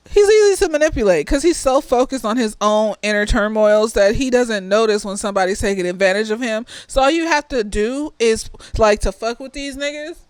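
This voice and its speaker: A slightly tipsy woman therapist giving a blunt, profane and sassy casual review of a TV series, animated, with mocking asides. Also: a little high, clear, resonant tone, no echo.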